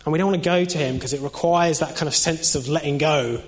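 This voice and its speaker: A man's voice: a little high, fast talker. A young man preaching an informal sermon in a conversational way, with many fillers and restarts. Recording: long reverb of a hall.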